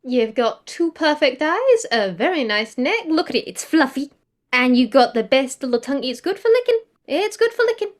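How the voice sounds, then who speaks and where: A woman voicing a furry toon mother who dotes on her little one, gushing and cooing with excitement. Her voice sits high and bright with delight. It is cartoonish tabletop role-play. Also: normal speed. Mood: doting.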